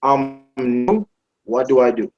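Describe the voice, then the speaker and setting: A man's voice: mid-range voice, animated, slow pace. A man moderates a group call and stumbles through his questions with many ums and restarts. His voice comes through a muffled, lo-fi line. A faint noise hangs under it.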